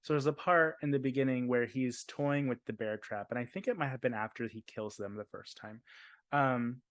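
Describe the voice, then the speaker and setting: A man's voice: medium pitch, moderate pace, fairly bright tone, dry recording, studio quality. A man hosting a podcast in casual chat, sassy and dramatic, full of jokes. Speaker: podcast host.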